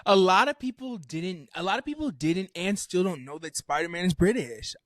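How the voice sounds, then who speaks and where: Easygoing young male co-host, higher voice. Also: expressive, normal speed, fairly bright tone, dry recording, clean studio sound. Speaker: podcast co-host. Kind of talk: casual chat.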